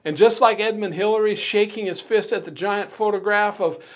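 A man delivers a sermon in a fairly high voice. He preaches emphatically, racing through some phrases and drawing others out slowly for weight, often restarting his words mid-sentence. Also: fairly even intonation. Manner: emphatic preaching, quick bursts and slow stresses, many restarts. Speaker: pastor.

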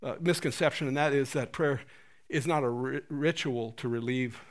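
A man preaching a sermon as pastor, animated and joking, acting out prayers in playful voices. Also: medium pitch, moderate pace.

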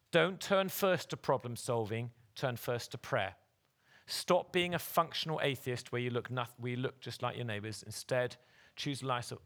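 A male pastor delivers a sermon at a church service, his voice gravelly with a mid-range pitch. He talks to the congregation in an earnest, direct way, pressing them to act. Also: a bit bright.

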